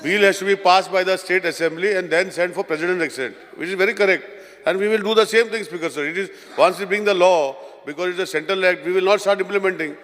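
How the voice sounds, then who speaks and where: A man's voice: sits high, fast, a bit bright. A man presenting a bill in a legislative debate, switching between Konkani and English and repeatedly addressing the Speaker. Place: legislative assembly hall. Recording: long reverb in assembly chamber.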